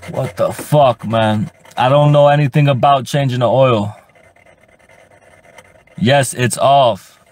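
A man's voice: mid-range voice, darkish tone. Male livestreamer in a parked car, fed up, swears a lot, stumbles and repeats words, mid-range voice. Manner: frustrated, profane, stammers and repeats words. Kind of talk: rambling live stream to chat.

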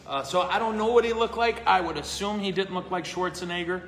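A man's voice: high voice, brisk, fairly bright tone, slight background noise. A man, a priest, chatting casually and answering questions live, self-deprecating and laughing often. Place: brewery. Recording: echoey room with long reverb.

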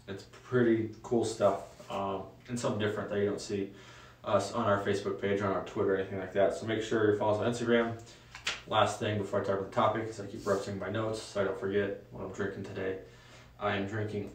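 A young adult man hosting a casual solo talk show, relaxed and rambling with frequent ums. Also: fairly low pitch, slight background noise. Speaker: host. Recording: echoey room, voice a bit far from mic.

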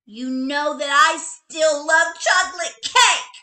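Woman reader as a whiny cake-mad little girl bunny, high, lively and loud. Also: takes it slowly, roomy sound, full character voice. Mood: pleading.

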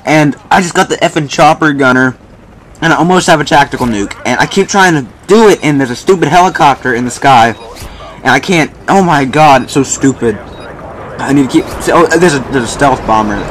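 A young man giving excited, boastful commentary while playing a shooter game. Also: medium pitch, normal speed, slight background noise. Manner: boastful, frustrated, exclaiming. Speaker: gamer narrating his match. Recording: faint gunfire from the game behind.

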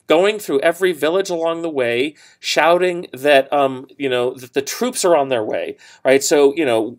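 A man's voice: fairly high pitch, normal speed, few pauses. Casual storytelling male history teacher. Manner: conversational storytelling with fillers and asides. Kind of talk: recorded classroom lecture.

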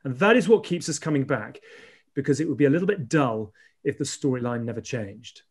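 A man's voice: mid-range voice, expressive, fairly quick, husky. A man hosting a podcast, delivering a rhetorical, emphatic opening before chatting casually. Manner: rhetorical and emphatic, building lists. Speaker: podcast host. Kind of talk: scripted monologue, then casual chat.

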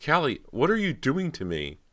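A man voicing an anxious, touchy teenage girl actress, rising high and shrill when upset. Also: a little fast, fairly bright tone. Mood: frightened shrill.

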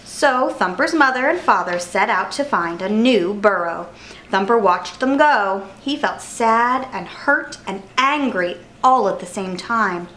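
A woman reading a children's picture book aloud with clear, expressive narration. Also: mid-range voice, measured pace, poor audio. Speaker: storyteller.

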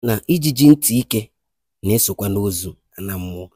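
Stern proverb-speaking seer played by a man, mellow, dry close sound. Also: on the low side, expressive, breathy edge, no echo. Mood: grave. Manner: grave, measured, proverbial. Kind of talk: comedy skit acting.

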